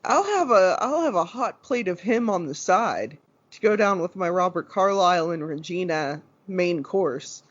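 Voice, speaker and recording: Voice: mid-range voice, animated, unhurried. A podcast co-host chatting casually and enthusiastically about a TV episode, swearing freely. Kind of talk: casual chat reviewing a TV episode. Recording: dull lo-fi recording.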